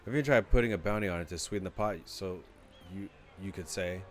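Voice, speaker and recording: A man's voice: deep voice, fast talker, close to an everyday voice. A man voicing an eager townsperson who tells travelers about a bounty on a monster, reading game dialogue aloud in his everyday voice. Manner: reads the lines aloud in his own everyday voice.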